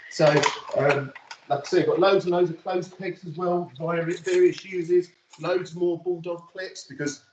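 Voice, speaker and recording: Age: adult. Sex: man. Role: photography lecturer. Style: casual, rambling studio demonstration. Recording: distant, roomy, slightly dull audio with faint hiss. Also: fairly high pitch. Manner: chatty and rambling, many fillers. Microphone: phone camera from across the room.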